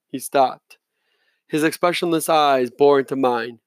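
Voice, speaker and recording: A man's voice: medium pitch, steady tone, moderate pace, no room sound, clean studio sound. A man narrating a novel in the first person, reading plainly with the odd slip and restart. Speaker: audiobook reader.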